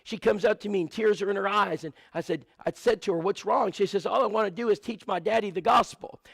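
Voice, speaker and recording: A man's voice: high-pitched, fast, creaky, fairly bright tone, breathy edge, no room sound. A man preaching a sermon, telling stories and rattling off lists of supplies with asides to the congregation. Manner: storytelling with many lists and asides.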